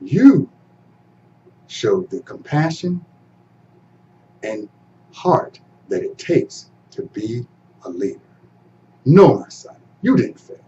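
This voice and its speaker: A man voicing a wise, gentle African king speaking softly to his son in a folktale. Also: very animated, takes it slowly, pauses often, slight background noise. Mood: reassuring. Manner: low, soft and reassuring. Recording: dull, slightly distant recording.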